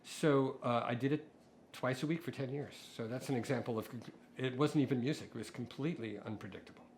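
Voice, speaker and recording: A middle-aged man, a composer guest, telling stories in a relaxed interview, with frequent fillers and restarts. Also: medium pitch, fairly quick, a little hiss or hum. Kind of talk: conversational interview.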